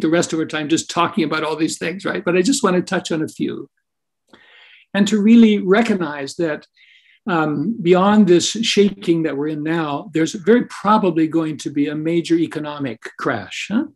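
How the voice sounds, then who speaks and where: A man's voice: a little high, a little mellow. An older man, a Christian minister, telling personal stories in a podcast interview and often checking in with "right?" and "is that right?". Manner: earnest anecdotal storyteller with frequent "right?" tag questions. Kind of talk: storytelling interview.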